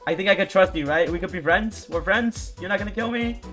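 A man giving excitable, chatty gameplay commentary and teasing other players in a playful way. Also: high voice, a little fast, soft background music. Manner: excitable, chatty, playful mock trash talk. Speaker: gaming YouTuber.

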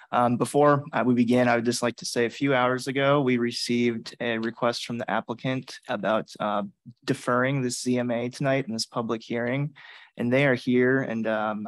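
Flat-voiced man, formal county staff. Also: mid-range voice, dry recording, poor audio. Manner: formal, measured. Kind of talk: formal staff report at a meeting. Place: county meeting room.

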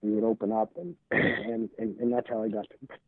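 A man's voice: on the low side, normal speed, slightly rough, no echo. A man, telling stories as a podcast guest, rambling and restarting phrases as he acts out old conversations. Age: 60s. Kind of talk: casual storytelling interview. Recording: tinny phone-like line, dry.

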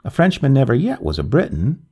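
Man doing a prickly woman nurse, curt, high voice, gravelly, husky, storybook reading. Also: wildly swooping pitch, a little fast, darkish tone, heavily acted. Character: blunt, touchy woman hospital nurse.

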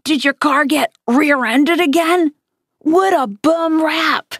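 A woman's voice: high-pitched, slow, fairly bright tone, dry recording, studio quality, voice pushed up, heavily acted. A woman doing a dad's fake old lady voice. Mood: playful. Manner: silly, mock-formal.

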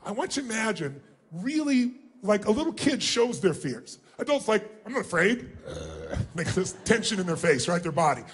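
Guy with a really high voice running a big seminar, energetic, barking instructions at the crowd in a huge hall. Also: normal speed, slightly rough. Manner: energetic, commanding, calls for audience responses. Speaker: motivational speaker. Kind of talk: live seminar instructing a large audience. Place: large hall before seven thousand people.

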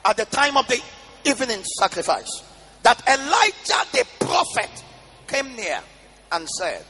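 A male pastor preaching a sermon, reading scripture in a sing-song chant and breaking into shouted declarations. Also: very high-pitched, huge pitch swings, a little slow. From Nigeria. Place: large church hall. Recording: reverberant church hall with music behind.

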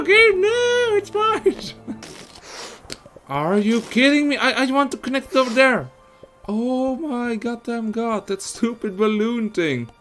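Young belgian guy yelling and laughing through a game, high voice jumping all over, faint game music behind. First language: Dutch. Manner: excitable, swears a lot, laughs often. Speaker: gaming streamer. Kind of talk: let's play commentary.

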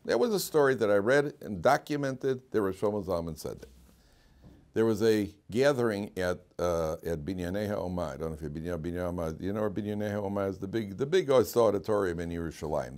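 A man teaching a Torah class as a rabbi, telling stories in a lively way, acting out quotes and often laughing. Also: sits low. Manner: animated storyteller, acts out quotes and laughs often. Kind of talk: storytelling Torah lecture.

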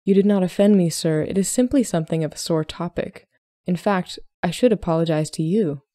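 A woman voicing a proud, sharp-tongued young Regency lady who speaks in clipped, formal phrases. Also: on the low side, fairly quick, no room sound, studio quality, natural voice. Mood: flustered. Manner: clipped, flustered, formal period speech.

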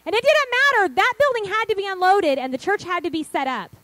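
A woman's voice: extremely high pitch, quick pace, rough recording. A middle-aged woman pastor telling her church's story in a sermon, acting out what people said. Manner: animated storytelling, acting out quotes.

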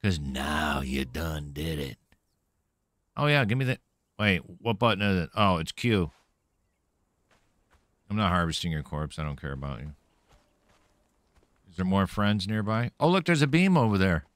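A man's voice: fairly low pitch, sing-song, normal speed, pauses often, a bit bright, no room sound. A man streaming a video game, playfully talking to himself and taunting the enemies he meets, a little caffeinated. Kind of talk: let's-play gameplay commentary.

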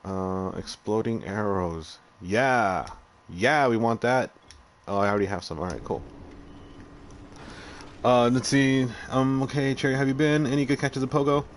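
A man's voice: mid-range voice, a little slow, a little hiss or hum. A man live-streaming a game, chatting casually with viewers, swearing freely and talking to himself as he plays. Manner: chatty, profane, talks to chat while playing. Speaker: streamer playing a game and reading chat.

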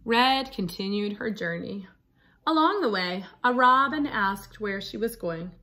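A woman reading a picture book aloud to children in a slow, animated storytelling voice. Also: mid-range voice. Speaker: storybook reader.

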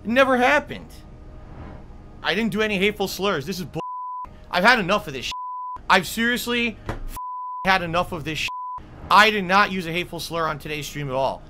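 A man's voice: high voice, expressive, fairly quick, long pauses. A male streamer ranting angrily and swearing, full of indignant outbursts. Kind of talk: angry stream rant.

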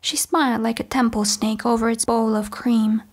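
Woman reading a novel aloud, slightly high. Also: steady tone. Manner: measured, first-person storytelling. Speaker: audiobook reader. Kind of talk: audiobook narration.

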